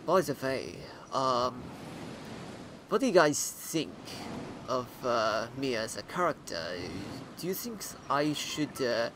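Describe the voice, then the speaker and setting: A man's voice: mid-range voice, big pitch swings, slow, noisy background. A man voicing a new male gamer character with a put-on Australian accent, rambling through gameplay with many fillers. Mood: chatty. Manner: hesitant, filler-heavy, louder than his own voice.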